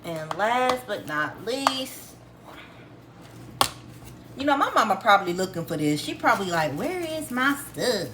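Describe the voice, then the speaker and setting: A woman's voice: mid-range voice, very animated, unhurried, pauses often, background noise. A woman vlogger cooking in her home kitchen, talking viewers through the recipe step by step in a chatty, homespun way. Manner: chatty, addresses viewers as y'all, homespun instructions. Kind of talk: casual cooking tutorial.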